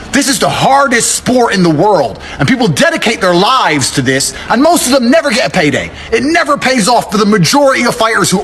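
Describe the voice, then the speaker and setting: A man's voice: sits high, fairly bright tone, a little hiss or hum. A man ranting in a brash, combative and mocking way, with a lot of swearing. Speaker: media personality. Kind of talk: brash profane rant.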